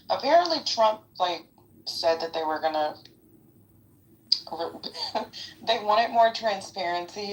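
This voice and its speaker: A woman's voice: low-pitched, low-quality recording. A woman in her fifties chatting casually in a live audio room, rambling with lots of fillers. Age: 50s. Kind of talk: casual chat.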